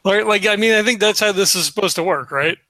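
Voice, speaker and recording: High, bright-voiced male player. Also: fast, dry recording. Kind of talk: playing a tabletop game.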